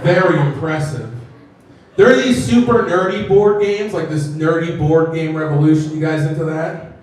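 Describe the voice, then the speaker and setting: A man's voice: fairly high pitch, brisk, darkish tone, distant mic, a little hiss or hum. A man doing a stand-up comedy set, self-deprecating and acting out characters in voices, recorded in an echoey room from off the mic.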